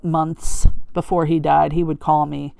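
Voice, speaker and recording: Her deep, creaky voice is flat and a little mellow, captured with studio quality and no room sound. This middle-aged woman hosts a podcast, reflecting candidly and conversationally on her life, often breaking off to restart, and she mimics her father in a higher, sweet tone.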